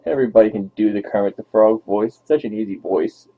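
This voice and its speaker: A man's voice: lowish voice, fast talker. A young man rambling playfully to his dog on camera in baby talk, as a vlogger. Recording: tinny phone-like lo-fi audio.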